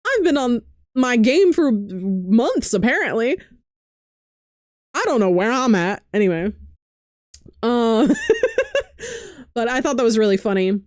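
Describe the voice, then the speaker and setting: A woman vlogger in casual chat about her favorite game characters, talking in a loose, rambling way with lots of "um" fillers and quick laughs. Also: on the high side, animated, darkish tone, no room sound, clean studio sound. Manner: chatty, frequent "um" fillers, light laughing asides. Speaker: vlogger and streamer.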